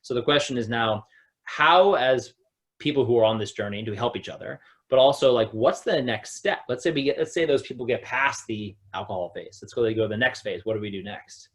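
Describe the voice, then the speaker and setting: A man's voice: medium pitch, a little fast, fairly bright tone. A man co-hosting a casual spiritual discussion as a yoga teacher, framing long questions in a rambling, hesitant way with frequent fillers, and reading viewer comments.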